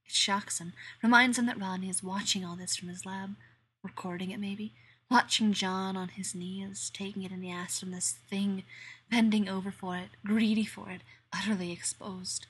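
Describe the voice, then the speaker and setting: A woman narrating an erotic audio story in a slow, intimate manner that slips into whispers. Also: mid-range voice, steady tone, a bit bright, husky.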